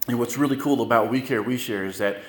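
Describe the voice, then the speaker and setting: Animated pastor preaching in an echoey room. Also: male voice, medium pitch, fast. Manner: conversational, animated storytelling with asides to the congregation. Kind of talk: sermon.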